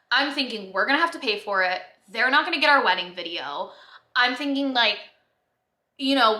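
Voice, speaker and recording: A young woman in her twenties telling a story to her vlog viewers, animated and chatty, full of "like" and quick rushes of excitement. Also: sits high. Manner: animated, breathless storytelling with lots of "like". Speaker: vlogger. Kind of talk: casual storytelling. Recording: echoey room.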